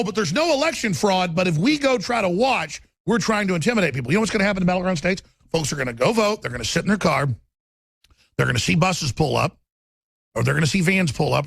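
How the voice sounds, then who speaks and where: A man hosting a talk show, ranting forcefully and quickly with stammering restarts. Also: high voice, creaky, dry recording. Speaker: radio talk show host.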